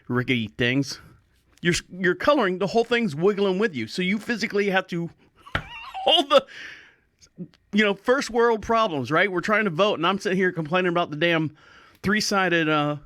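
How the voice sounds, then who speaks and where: A man's voice: high voice, lively intonation, moderate pace, sharp tone, no room sound, studio quality. A man hosting a podcast, telling a rambling, jokey story in a casual monologue. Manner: rambling, jokey, self-mocking. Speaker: podcast host.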